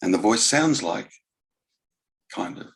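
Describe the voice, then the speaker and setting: A man giving an unhurried spiritual talk, pausing often and musing gently. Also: fairly low pitch, expressive, gravelly. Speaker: spiritual teacher. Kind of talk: slow reflective talk.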